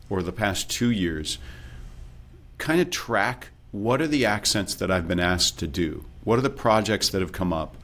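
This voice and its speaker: A man with a very low voice, speaking as a guest coach in a relaxed interview. He explains his advice step by step and sometimes slips into quoted self-talk. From based in Texas. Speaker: accent and dialect coach, guest.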